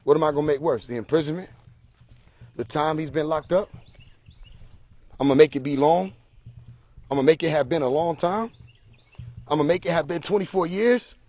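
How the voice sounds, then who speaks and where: A man talking straight into his phone on a livestream, with a somewhat high voice and a dry, close sound. He is emphatic and preachy and keeps firing rhetorical questions at his listeners. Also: brisk, long pauses, a little mellow, no room sound. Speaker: livestream host. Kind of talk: casual livestream monologue.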